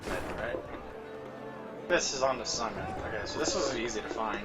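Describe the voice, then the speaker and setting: A man's voice: mid-range voice, animated, normal speed, loud music behind the voice, low-quality recording. A man hosting a casual let's play, reading game text aloud with amusement. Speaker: gameplay host.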